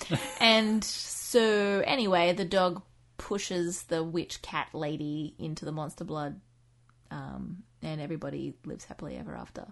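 Woman, low-ish voice, rambling, sarcastic casual storyteller. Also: measured pace, vocal fry. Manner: rambling, sarcastic, full of fillers and asides. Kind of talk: casual chat, recapping books.

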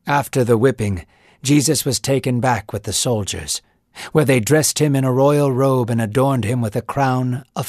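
A man's voice: mid-range voice, breathy edge, no echo. Dramatic male narrator, grave and intense, music playing strong under him.

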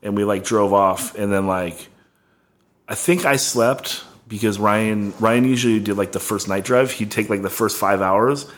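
A man's voice: lowish voice, moderate pace. A young man casually telling a rambling, profane tour story, full of "like" and laughs. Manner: rambling, heavy on "like", swearing, laughing.

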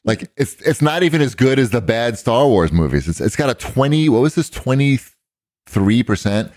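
A man's voice: mid-range voice, very animated, moderate pace, a little mellow, no room sound, studio quality. A man co-hosting a podcast, blunt and dismissive in casual chat. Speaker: podcast co-host.

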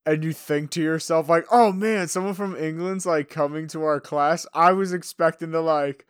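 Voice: medium pitch, fairly even intonation, normal speed, clear, resonant tone, no room sound. An American co-host talks through a show recap in an offhand, casual way, with a mid-range voice. The sound is dry and close, with almost no room in it. Swearing slips in freely. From United States. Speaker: podcast co-host.

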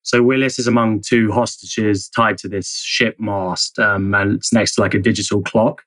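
A man with a fairly low, somewhat bright voice speaks at normal speed in a steady tone. A journalist guest in an interview, he explains things at length conversationally, with lots of hedging, fillers, and restarts, and the recording is rough with no room sound.

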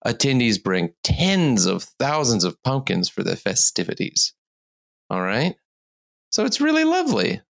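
A podcast host worn out from lack of sleep, recounting a story in loose, rambling casual chat. The delivery is slow, the pitch jumps around a lot, and frequent giggles break into the sentences. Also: huge pitch swings, gravelly, a bit bright.

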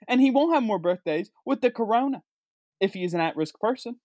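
A man delivering a sarcastic comedic rant, swinging between low mutters and high outbursts. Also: lively intonation, a little fast, darkish tone, no room sound, clean studio sound. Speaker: comedic vlogger.

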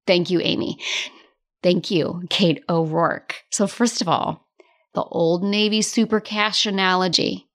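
A woman's voice: lowish voice, steady tone, measured pace. A woman hosting a solo podcast as a business coach, talking in a chatty, candid way, laughing often and swearing now and then. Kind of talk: casual solo podcast monologue.

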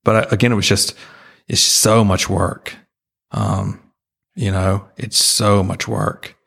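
A man earnestly retelling a personal experience as an interview guest, halting and full of restarts. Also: lowish voice, level tone, vocal fry, a bit bright, slightly rough.

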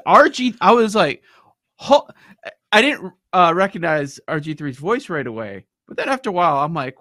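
A man hosting a casual sports talk show, animated and laughing often. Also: a little high, normal speed, dry recording, clean studio sound.

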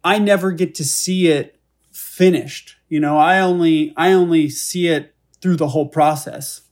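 A man, a visiting artist, chatting casually and telling lively anecdotes about his work. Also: on the high side, a little slow. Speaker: artist guest. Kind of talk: casual chat.

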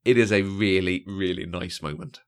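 A deep, clear, resonant male voice at normal speed belongs to a podcast co-host chatting casually about a film. He hesitates a lot, fills gaps with fillers, and laughs often.

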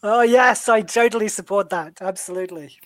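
A man co-hosting a podcast, thinking aloud in a halting way with many ums. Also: high-pitched, fairly bright tone. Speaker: podcast co-host. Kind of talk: casual podcast chat.

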